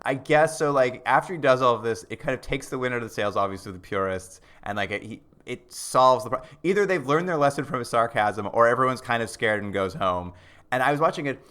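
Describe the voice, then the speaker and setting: A man with a mid-pitched voice co-hosts a podcast. In casual chat he recaps a TV scene in a wry, dry tone. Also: expressive, quick pace, a bit bright. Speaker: podcast co-host. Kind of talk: casual chat about a TV show.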